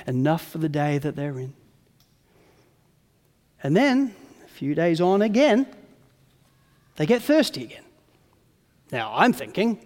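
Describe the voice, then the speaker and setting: High-voiced preacher in a reverberant hall. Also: male voice. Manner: animated, acts out grumbling voices. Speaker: pastor. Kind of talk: sermon.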